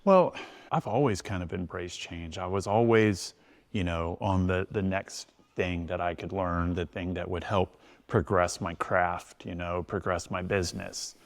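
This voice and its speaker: Gravelly low-voiced man, laid-back talker. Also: steady tone, unhurried. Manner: laid-back, loose storytelling with frequent "you know". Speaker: tattoo artist and shop owner guest. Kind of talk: casual podcast conversation.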